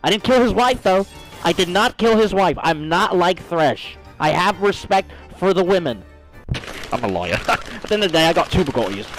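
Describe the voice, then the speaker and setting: A young man talks over his gameplay in a high, bouncy voice that swoops up and down. His chatter is crude and excitable, and he breaks into sudden shouts. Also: moderate pace, faint music behind. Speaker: streamer. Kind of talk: casual gaming stream chatter.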